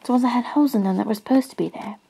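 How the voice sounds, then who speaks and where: A woman gently reading a storybook aloud in a soft-spoken ASMR style, dropping into whispers at times. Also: a little high, racing, gravelly, noisy background. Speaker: ASMR reader.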